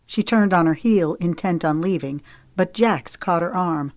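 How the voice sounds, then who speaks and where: A woman narrating a romance audiobook in a steady, expressive reading. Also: on the low side, measured pace, no room sound.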